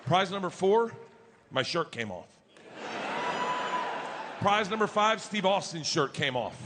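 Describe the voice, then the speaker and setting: A middle-aged man doing stand-up, telling a story in a loud, crude, animated way with bursts of shouting, live on stage with a handheld mic. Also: high-pitched, a little slow, crowd noise. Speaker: stand-up comedian. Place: comedy stage before an audience. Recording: live stage recording with background noise.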